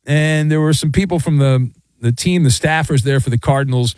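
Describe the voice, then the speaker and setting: A man's voice: medium pitch, a little fast, no echo. A middle-aged man hosting a sports talk radio show, ranting in a sarcastic, mocking way. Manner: sarcastic, mocking, animated rants. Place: radio studio.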